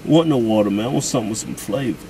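A man's voice: on the low side, very fast, crowd noise. A middle-aged man co-hosting, bantering profanely and boisterously in a car at a drive-thru. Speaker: co-host. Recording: car engine noise.

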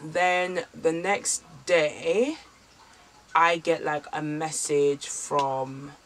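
A woman's voice: low voice, very slow, slight background noise. A young woman casually telling a personal story for her vlog, candid and chatty with lots of filler words. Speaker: vlogger.

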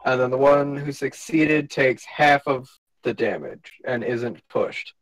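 Slow, halting man playing a tabletop game. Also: medium pitch, no echo, rough recording. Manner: slow, hesitant, thinking aloud with fillers. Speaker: player.

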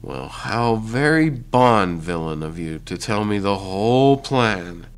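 A man's voice: lowish voice, expressive, takes it slowly. A man voicing a young male vampire held prisoner, snapping back defiantly.

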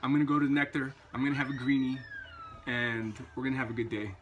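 A man's voice: medium pitch, steady tone, quick pace, lo-fi sound, slight background noise. A man vlogging, telling a personal anecdote in a chatty, casual way. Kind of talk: casual storytelling vlog.

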